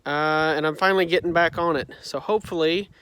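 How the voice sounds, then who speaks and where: A man's voice: fairly high pitch, steady tone, fairly quick, fairly bright tone, clear, resonant tone. A man vlogging about fixing an old tractor, his voice muffled by a face mask, rambling with unsure asides and self-corrections, recorded on a phone in a farm building. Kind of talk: casual talk to camera. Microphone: phone camera.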